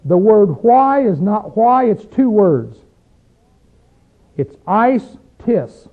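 Guy with a high voice doing bible study, keeps quizzing the room, sounds like an old phone line. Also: very animated, drawn-out words. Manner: emphatic, questions the group, rises when stressing points. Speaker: Bible teacher. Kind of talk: interactive Bible study teaching. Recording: tinny phone-like recording.

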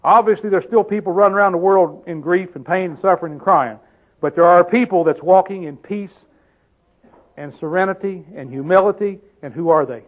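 High-voiced preacher on a tinny line. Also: male voice. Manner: asks the listeners questions constantly, slows to stress scripture. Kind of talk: sermon, Bible teaching. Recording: tinny phone-like sound.

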